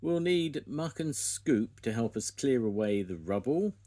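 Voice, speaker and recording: A man's voice: medium pitch, animated, a little slow, dark tone, voice pushed up, lightly acted. An older man reading a storybook aloud, voicing a helpful young woman builder who explains plans eagerly. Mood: explaining.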